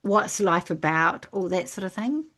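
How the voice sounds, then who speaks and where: A woman's voice: lowish voice, expressive, unhurried, fairly bright tone. A woman hosting a podcast interview, speaking in a gushing, rambling way about spirit and good energy. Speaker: podcast host. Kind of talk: casual interview chat.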